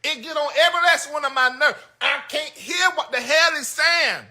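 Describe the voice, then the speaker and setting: An American man hosting a comedic commentary show, ranting bluntly with loud outbursts. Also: extremely high pitch, normal speed. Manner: animated, blunt, yelling outbursts. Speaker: host.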